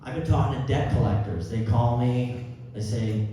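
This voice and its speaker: A man performing a live stand-up set of deadpan one-liners, now and then jumping into high-pitched outbursts. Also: normal speed, slight background noise. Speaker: stand-up comedian. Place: theater stage before a live audience. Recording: roomy hall audio from a distance with crowd. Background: audience laughter.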